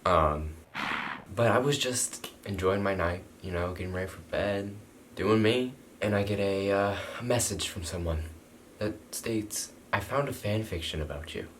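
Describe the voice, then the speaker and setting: Low-voiced man reading fanfic aloud, mocking. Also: moderate pace, a bit bright, slight background noise. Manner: amused, mocking asides between read passages. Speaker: YouTuber reading a fanfiction about himself. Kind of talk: reading aloud and reenacting a story with joking asides.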